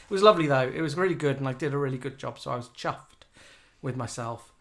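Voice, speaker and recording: A man's voice: mid-range voice, fast talker. A man, co-hosting a casual live show and telling chatty, self-mocking stories between viewer comments. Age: 40s. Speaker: co-host of a live online show.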